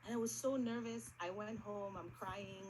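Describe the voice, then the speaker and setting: A woman's voice: medium pitch, steady tone, moderate pace, a little mellow, slight background noise, rough recording. A woman in her forties telling a personal testimony to a church congregation, acting out the conversations in her story. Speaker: church member giving testimony. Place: church service.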